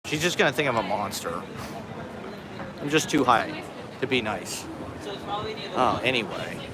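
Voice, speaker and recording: A man's voice: on the low side, animated, unhurried, a crowd in the background. A stoned man live streaming from a city street on a phone, rambling and swearing, laughing often. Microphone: phone on a selfie stick. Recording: busy street traffic noise. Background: city traffic.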